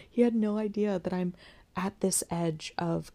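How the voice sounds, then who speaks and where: Young woman podcasting, telling her own story real candid, lots of vocal fry, whispers sometimes. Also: medium pitch, slow. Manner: candid and reflective, with soft laughs and whispered asides. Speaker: podcast host sharing her birth story. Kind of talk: personal storytelling monologue.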